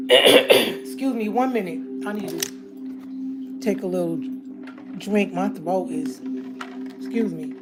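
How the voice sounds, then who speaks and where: A woman delivering an angry, confrontational monologue to her viewers, blunt and clearing her throat now and then, upset and trying to calm down. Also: medium pitch, slow pace, pauses often, over music. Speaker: online commentator.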